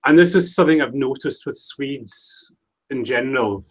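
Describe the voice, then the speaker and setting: A man's voice: medium pitch, animated, normal speed, rough recording. A man in casual podcast chat, rambling and hesitant with frequent restarts. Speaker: podcast co-host.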